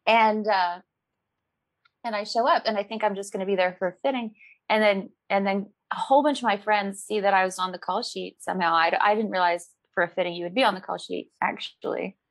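Brief: woman guest, chatty and animated, quick laughs, dry close sound. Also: medium pitch, no room sound. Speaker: actress guest. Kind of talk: casual interview chat.

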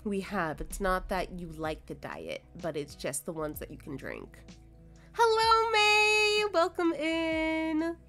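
Low-voiced and very animated, this streamer talks at a moderate clip with barely a pause as soft music plays. Though sleepy and yawning, the young woman reads her chat aloud, answers it, laughs and curses as she plays.

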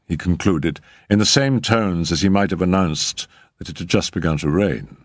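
A man narrating a classic short story as an audiobook, with lively storytelling. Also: sits low, normal speed, dry recording, clean studio sound.

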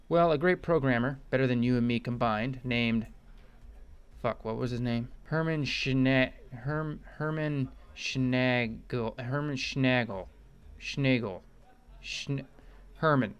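A man's voice: medium pitch, clean tone. A man narrating a computer tutorial with comedic, profane tangents. He is irreverent and rambling. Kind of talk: comedic screen-recorded tutorial voice-over.

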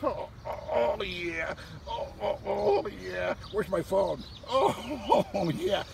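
A man voicing an excitable, crude male dog who rambles and gets distracted by smells on a walk, recorded outdoors from a distance with loud background noise. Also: high voice, takes it slowly, vocal fry, exaggerated voice. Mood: giddy. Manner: giddy, rambling, distractible sniffing talk.

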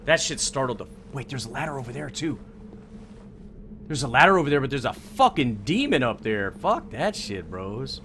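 A young man streaming a game live, swearing a lot, yelling in panic and talking to his viewers as bros. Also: medium pitch, sing-song, normal speed, slight background noise. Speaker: gameplay streamer. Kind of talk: live gameplay commentary.

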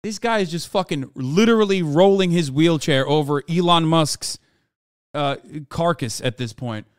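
A man's voice: fairly high pitch, normal speed, clean tone, no echo, studio quality. A man streaming live and reacting with profane, incredulous, joking commentary. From United States.

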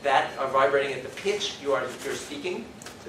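A man with a medium-pitched, pushed and bright voice gives a university lecture, animated and a little fast. He explains step by step, thinks aloud, and demonstrates vowel sounds, captured from far off in an echoey lecture hall with slight background noise.

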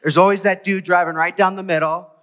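A man giving a conversational church sermon, animated and full of rhetorical questions. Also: high-pitched, fairly quick, in a large hall. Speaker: preacher. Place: church sanctuary.

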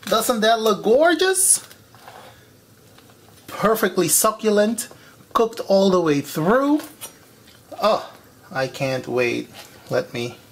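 Sing-song and sitting high, this man's voice moves slowly with frequent pauses over a little hiss or hum. He's a flamboyant, sassy home cooking host filming a casual vlog in his kitchen, calling viewers "honey" and "baby" and launching into frank rants aimed at them.

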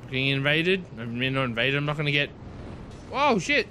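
A young man commentating his own gameplay, excitable, swearing and yelping at what happens on screen. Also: on the high side, brisk, a little hiss or hum. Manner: excitable, swears and yelps at the game. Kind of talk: let's play commentary.

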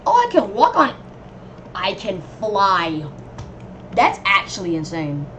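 A woman giving casual, rambling commentary on her gameplay, reacting excitably and yelping when enemies swarm her. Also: mid-range voice, slow pace, slight background noise. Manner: excitable, yelps and shrieks at enemies; rambling running reactions to the game. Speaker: gamer.

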